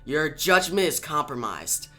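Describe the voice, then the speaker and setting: A fierce, commanding superhero leader who pushes her lines out with urgency, as a man puts her on while reading a comic aloud. The voice is raised and bright, with a tense edge. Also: a little high, sing-song, measured pace, soft background music, full character voice. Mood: urgent.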